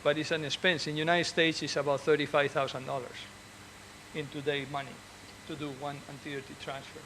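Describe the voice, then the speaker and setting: A man's voice: fairly high pitch, level tone, fairly quick, background noise. A man, an orthopedic surgeon, speaking earnestly and encouragingly to fellow doctors, often restarting and repeating words.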